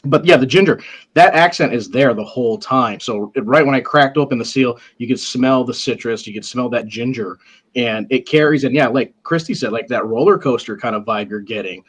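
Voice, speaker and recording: Casting note: a married man, mid-pitched, joking and rambling, casual podcast talk. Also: moderate pace, slightly rough. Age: adult, married. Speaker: panelist tasting rubs.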